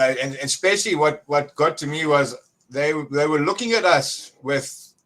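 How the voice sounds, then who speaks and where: A middle-aged man, excitedly telling a story as a guest, halting and restarting often. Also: mid-range voice, low-quality recording. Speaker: guest church member. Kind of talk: casual testimony.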